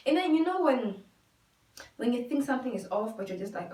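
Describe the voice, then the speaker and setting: A woman's voice: a little high, sing-song, a little fast, long pauses, a little mellow, a little hiss or hum. Young woman in an echoey room. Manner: candid, retells dialogue in quotes, addresses viewers as guys. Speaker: vlogger. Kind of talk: personal storytelling to camera. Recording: echoey room, distant mic, faint music.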